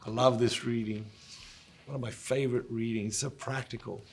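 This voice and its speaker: A man's voice: medium pitch, steady tone, normal speed, creaky, breathy edge, soft background music. A middle-aged man hosting a Catholic gospel reflection, reading scripture and then talking it over in an earnest, conversational way. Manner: earnest, conversational, with fillers and restarts.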